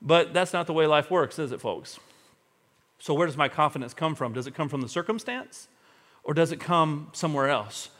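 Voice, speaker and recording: A man preaching a sermon as a pastor, talking earnestly and swinging between hushed, confessional moments and fervent emphasis. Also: on the high side, animated, moderate pace.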